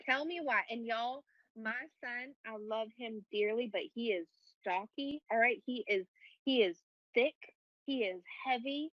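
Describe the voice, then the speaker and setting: A young woman co-hosting a podcast, telling a story in a casual, animated, self-mocking way and swearing often. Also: a little high, unhurried, dry recording, lo-fi sound. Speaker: podcast co-host.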